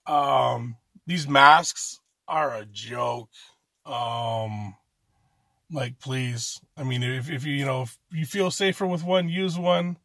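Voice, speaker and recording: A man's voice: mid-range voice, takes it slowly, creaky, fairly bright tone, no room sound. A man from Canada doing an amateur stand-up comedy set, ranting profanely in a rambling way and restarting his sentences often.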